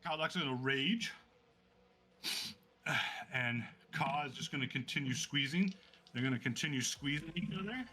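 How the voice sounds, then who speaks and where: A man narrating a tabletop game as game master, excitable and vivid, like play-by-play. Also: mid-range voice, moderate pace, pauses often.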